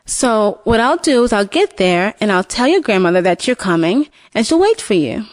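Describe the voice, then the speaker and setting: A woman's voice: medium pitch, big pitch swings, normal speed, dry recording, natural voice. A woman voicing a sly, chatty male wolf in a storybook tale.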